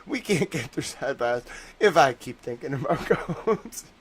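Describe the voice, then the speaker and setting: A young man is hosting a livestream and rambling through casual chat, his voice fairly high, husky, expressive and a little slow. He meanders, leaning on "like" and "I don't know," and drops wry laughs between stories.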